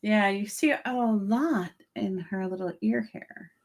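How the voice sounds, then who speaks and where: A middle-aged woman co-hosting a casual chat, giggling often and chiming in. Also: medium pitch. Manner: giggly, quick to laugh. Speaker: co-host.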